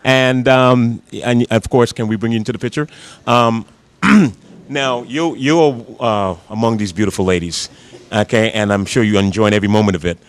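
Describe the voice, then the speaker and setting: A man's voice: fairly low pitch, normal speed, smooth. A man hosting a TV show, interviewing staff and diners on location in a restaurant, with a chatty manner and lots of repeated words as he builds up each question. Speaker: TV show host.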